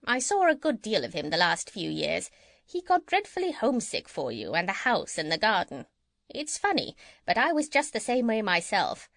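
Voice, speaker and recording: A woman's voice: medium pitch, moderate pace, vocal fry, no room sound, studio quality. A woman reading an audiobook and voicing a chatty, gossipy female parrot. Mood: wistful. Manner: lively, chattering storytelling. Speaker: audiobook reader. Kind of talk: children's audiobook character reading.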